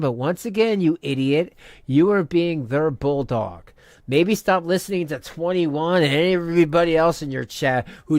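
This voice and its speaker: A man's voice: fairly high pitch, no echo, clean studio sound. Angry mocking man ranting. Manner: profane, mocking, exasperated. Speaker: commentary channel host. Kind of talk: angry reaction rant.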